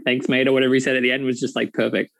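Fast-talking man, dry close sound. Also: medium pitch, little pitch movement, vocal fry, a bit bright, no echo. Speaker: podcast co-host. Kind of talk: casual sports chat.

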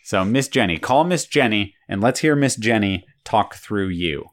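A woman's voice: rumbling low, animated, normal speed. A woman interviewing a child in a casual chat, patiently restating the answers to check she has understood.

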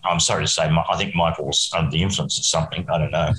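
A man's voice: very deep voice, fairly even intonation, rapid-fire, fairly bright tone, reverberant, slight background noise, poor audio. An Australian man, a musician guest, rambling through a story and chuckling often. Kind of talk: casual anecdote telling.

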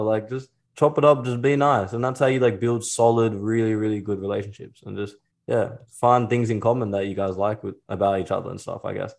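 A man's voice: on the low side, fairly even intonation, brisk, gravelly, a little mellow. A young man from Australia, a music producer guest chatting casually in an interview, laid-back and slangy, acting out bits of conversations.

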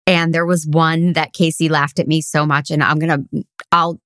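A woman's voice: low-pitched, flat delivery, moderate pace, a bit bright, no room sound. A woman co-hosting a podcast in casual chat, speaking into a microphone with dry, sarcastic humor. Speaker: podcast co-host.

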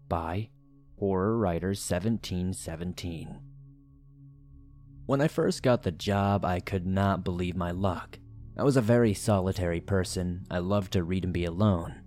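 Low-voiced man narrating horror. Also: darkish tone. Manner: dramatic, suspenseful storytelling.

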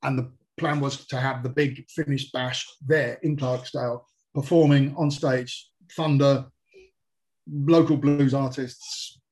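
A man's voice: medium pitch, steady tone, unhurried, a little mellow, breathy edge. An English man talking casually as a guest, hesitant, with many fillers and restarts. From England. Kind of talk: casual chat.

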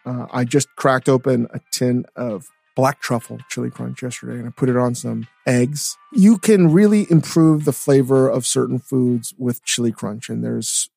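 Heavy vocal fry runs through this man's mid-pitched voice as he chats loosely on a podcast. He swears freely and rattles through product plugs. The sound is close and dry, with faint music behind him. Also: warm tone, dry recording. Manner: rambling, profane, reads ad plugs quickly. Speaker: podcast co-host. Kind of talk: casual chat.

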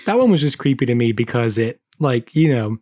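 A man's voice: medium pitch, animated, brisk, dark tone, no room sound, studio quality. A man co-hosting a podcast, reading a spooky story aloud and then chatting casually. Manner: dramatic storytelling, drops to a whisper for spooky bits. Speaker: podcast co-host.

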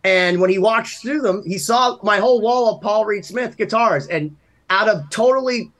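A man in his thirties co-hosting a podcast, telling long stories with big swings between loud and quiet. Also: sits high, normal speed. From Massachusetts. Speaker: podcast co-host. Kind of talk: casual chat.

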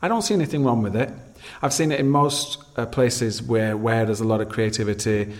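Musing man, halting and repetitive. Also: mid-range voice. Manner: hesitant, repeats words, musing. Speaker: host. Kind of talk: casual chat.

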